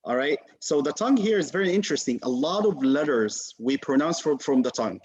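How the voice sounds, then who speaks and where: A man's voice: on the high side, animated, fairly quick, a little mellow. Patient man teaching on a video call. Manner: patient, encouraging, demonstrates sounds. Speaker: Quran recitation teacher. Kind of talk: online class teaching. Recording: muffled video call audio.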